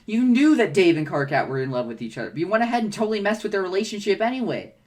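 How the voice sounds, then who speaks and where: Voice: mid-range voice, big pitch swings, racing, a little mellow, lightly acted. A reader doing a dramatic read-aloud as a young man who angrily confronts his family. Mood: accusing. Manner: heated, confrontational. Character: young adult man, angry and accusing.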